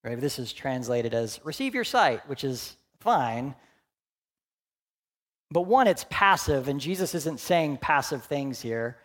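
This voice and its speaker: A man in his forties, a pastor preaching a candid, conversational sermon that swings between loud emphasis and hushed, quiet moments. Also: a little high, animated, unhurried. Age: 40s.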